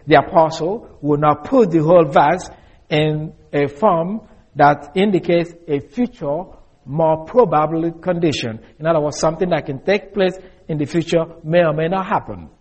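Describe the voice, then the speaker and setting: A man preaching an expository Bible teaching, measured and deliberate, slowing down to stress key words. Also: on the high side, a little mellow, highs cut off. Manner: measured, deliberate, with restarts and slow emphasis.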